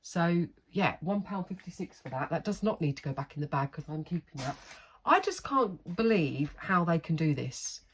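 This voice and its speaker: Low-voiced chatty woman. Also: animated, moderate pace, a little hiss or hum. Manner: chatty and rambling, laughs often. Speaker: haul vlogger. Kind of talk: casual chatty vlog.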